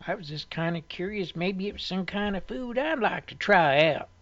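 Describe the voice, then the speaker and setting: A man's voice: high voice, animated, normal speed, a bit bright, highs cut off. A man voicing a curious, easygoing country man who talks in a plain, folksy way.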